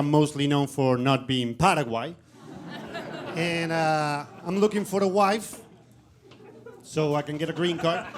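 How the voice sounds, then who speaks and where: A young man from Uruguay doing a deadpan comic slideshow on stage, halting with many uhs as the audience laughs. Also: on the high side, a little hiss or hum. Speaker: stand-up comedian. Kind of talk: comic PowerPoint presentation. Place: comedy venue with live audience.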